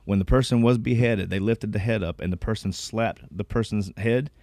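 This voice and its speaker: A man's voice: fairly low pitch, normal speed, a little mellow, no echo, clean studio sound. A man co-hosting a podcast in casual chat, eagerly telling a story. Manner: storytelling, eager, laughs often. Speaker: podcast co-host.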